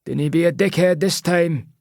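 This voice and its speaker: A man voicing a menacing, scarred Scottish thug in his late thirties who taunts slowly, in an audiobook thriller. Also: a little high, gravelly, a little mellow, no room sound, clean studio sound, voice pushed up. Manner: taunting, threatening, slow and drawn-out. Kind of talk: audiobook character voice.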